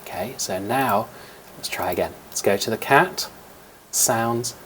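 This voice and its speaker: A man's voice: on the low side, a little slow, a bit bright, a little hiss or hum. A man teaching young children a coding lesson over a screen recording, explaining step by step in a patient way, with fillers, into a computer microphone.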